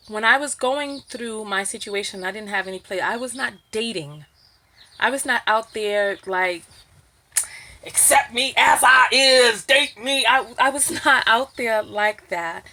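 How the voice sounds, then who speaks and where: A New York-accented woman vlogger speaks candidly to camera in an opinion vlog, emphatic and animated, climbing to near-shouts when indignant. Her voice is mid-range and a little slow.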